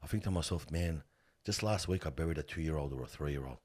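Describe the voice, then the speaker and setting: A man's voice: extremely low pitch, brisk. A middle-aged man who works with funerals, telling stories earnestly in a casual interview, often calling the listener bro. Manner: earnest, animated storytelling, calls the listener bro. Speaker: funeral worker.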